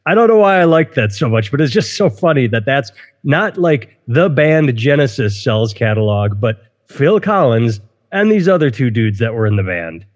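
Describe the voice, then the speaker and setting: A man hosts a casual, comedic podcast about odd news, amused and wry as he reads out quotes. His mid-range voice is sing-song at a moderate pace with hardly any pauses, recorded in a large hall with slightly dull lo-fi sound.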